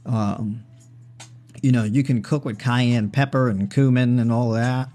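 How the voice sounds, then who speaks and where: Male livestream host, mid-pitched, chatty and joking, keeps asking "right?"; faint music under him. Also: fairly even intonation, a little slow, warm tone. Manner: joking, conversational, tags with "right?" and "you know". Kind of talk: casual livestream chat on diet. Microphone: personal mic.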